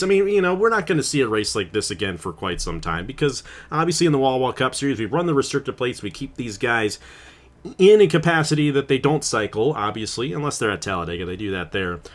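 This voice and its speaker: A man, host of a racing channel, speaks with his voice breaking as he cries. He laughs softly through the tears and thanks his audience in a heartfelt, halting way. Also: lowish voice, sing-song. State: crying. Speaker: channel host and race commentator. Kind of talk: emotional closing remarks on a stream.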